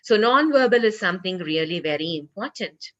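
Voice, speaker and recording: A woman's voice: on the low side, animated, brisk, a bit bright, muffled recording. A woman corporate trainer giving an online training session, earnest, repeating herself with many "you know" fillers. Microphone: video call.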